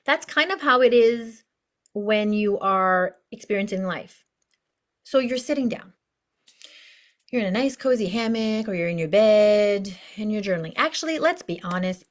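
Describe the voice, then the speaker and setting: A woman's voice: mid-range voice, lively intonation, moderate pace. A woman life coach teaching an online course lesson in a bubbly, chatty way, full of asides.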